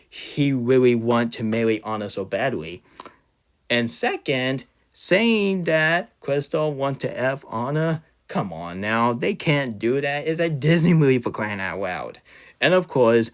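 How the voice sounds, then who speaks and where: A young man ranting off the cuff with a middle-pitched voice, heated and insulting toward the person he criticizes. He often stumbles, repeats words and restarts his sentences. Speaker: fan ranter. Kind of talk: unscripted ranting commentary.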